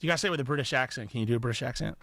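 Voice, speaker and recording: A man's voice: mid-range voice, very fast, vocal fry, a bit bright, no room sound. A man hosting a radio show, teasing his guests in casual studio chat. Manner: playful, teasing.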